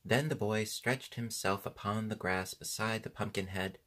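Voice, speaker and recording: A man reads a storybook chapter aloud in an even, unhurried way. His voice sits low and carries a husky grain. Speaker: audiobook narrator. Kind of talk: storybook narration.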